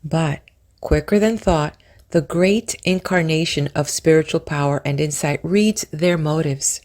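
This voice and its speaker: A woman narrating an old book of spiritual prose aloud, reading in measured, drawn-out phrases that sometimes sink to a whisper. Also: low-pitched, a little mellow. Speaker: audiobook narrator.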